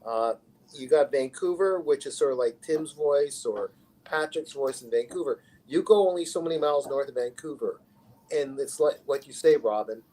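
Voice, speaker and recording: A man from Canada with a Canadian accent, chatting casually and rambling, his lines trailing off quietly at the end. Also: mid-range voice, moderate pace, poor audio. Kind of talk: casual livestream chat.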